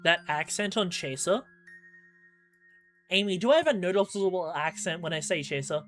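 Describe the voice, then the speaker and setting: A man's voice: high voice, animated, normal speed, fairly bright tone, soft background music. A man with an Australian accent giving rambling live commentary while he plays a game and talks to his chat. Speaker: gaming streamer.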